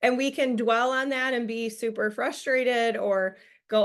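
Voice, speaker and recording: A woman's voice: medium pitch, fairly even intonation, measured pace. A woman leading a business training over a video call, giving a casual, upbeat motivational talk full of fillers and laughs. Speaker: team leader presenting a business training call.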